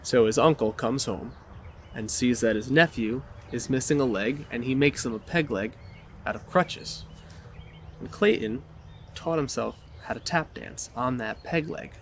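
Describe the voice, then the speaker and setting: A man giving a motivational talk, telling his personal story in an animated, dramatic way. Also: medium pitch, measured pace, a little hiss or hum. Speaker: motivational speaker.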